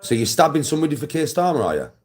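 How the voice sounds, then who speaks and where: Here the middle-aged Englishman talks rapid-fire in a fairly high, sing-song voice. Acting as a live-stream host, he lectures the viewer directly with a blunt, foul-mouthed monologue and replies to chat.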